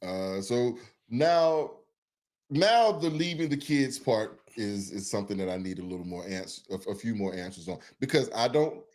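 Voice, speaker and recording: A man's voice: on the low side, expressive, moderate pace, a little mellow. Easy-laughing man co-hosting a podcast. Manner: laughs easily, earnest, restarts phrases. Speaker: podcast co-host. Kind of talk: casual chat.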